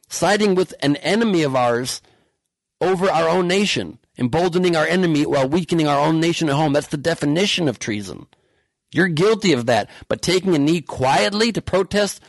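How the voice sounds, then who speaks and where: A man's voice: fairly high pitch, lively intonation, moderate pace, gravelly, dry recording. A man hosting a podcast with a sarcastic, profane, heated comedic political rant. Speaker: podcast host.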